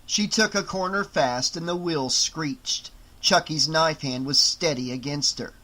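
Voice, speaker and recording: A man narrating a horror novel as an audiobook in a slow, expressive reading. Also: a little high.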